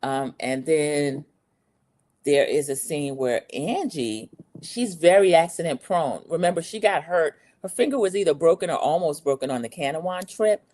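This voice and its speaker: A woman's voice: deep voice, expressive, moderate pace, darkish tone. A middle-aged woman hosting a casual, opinionated reality TV recap, chatty and eager to share her own views. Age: Gen X, 40s to 50s. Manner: chatty and opinionated, acts out quotes in a raised voice.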